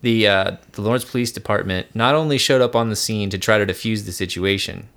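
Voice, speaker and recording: A man's voice: fairly low pitch, brisk, a bit bright. A man co-hosting a podcast, telling a story in a rambling, casual way with restarts and laughs. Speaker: podcast co-host.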